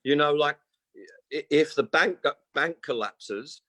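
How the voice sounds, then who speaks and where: A man's voice: on the high side, slow pace, pushed and bright, no room sound, poor audio. A man in his sixties, a guest musician telling long stories in casual interview chat and acting out the people he quotes. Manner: rambling storyteller who acts out quoted voices. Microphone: remote call.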